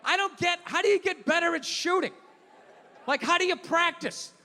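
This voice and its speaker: A man performing a stand-up comedy routine, ranting and profane, swinging from loud outbursts to low muttered asides. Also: normal speed. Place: live comedy venue. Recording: live venue hall reverb.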